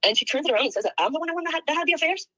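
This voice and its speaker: An older woman with grandchildren, venting rapidly and aggrieved in a casual call. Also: high voice, animated, sharp tone, no room sound, low-quality recording. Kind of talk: casual chat.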